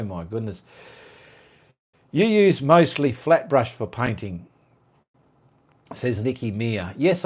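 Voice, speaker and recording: A man's voice: mid-range voice, mellow. An Australian man hosting a casual live-stream Q&A, chatting and reading viewer comments aloud in a rambling way.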